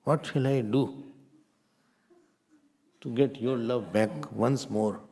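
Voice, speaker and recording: A middle-aged man with an Indian accent, teaching a spiritual class in a lively, playful way. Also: mid-range voice, slow pace. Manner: animated, playful, mixes Hindi phrases. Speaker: Vedanta teacher.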